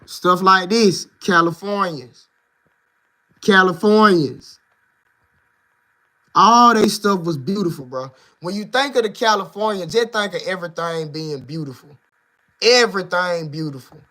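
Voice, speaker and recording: Young dude on his channel, high voice, slangy and hyped, says bro and man a lot. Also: normal speed. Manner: animated, streetwise, leans on "bro" and "man". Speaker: video host. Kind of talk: casual slangy monologue to viewers.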